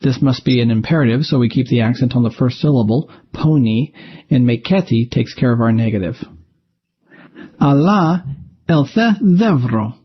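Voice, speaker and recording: A man's voice: mid-range voice, animated, normal speed, slightly rough, dull audio. A man teaching a recorded language lesson, walking methodically through exercises step by step. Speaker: Greek teacher.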